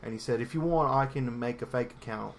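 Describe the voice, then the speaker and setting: A man's voice: mid-range voice, fast talker, slight background noise, close to an everyday voice. A man on a casual podcast putting on a clumsy mock British accent that keeps drifting toward Australian, telling a story with many hesitant restarts.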